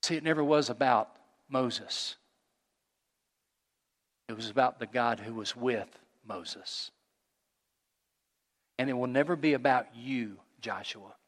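A man preaching a sermon as a pastor, earnest, rising to loud call-and-response with his congregation. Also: mid-range voice, long reverb tail. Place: church sanctuary.

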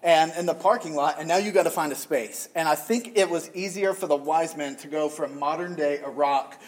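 A middle-aged man from the American South delivers a sermon in a loose, conversational way, teasing his congregation as he goes. His voice sits slightly higher than most men's. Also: brisk. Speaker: pastor.

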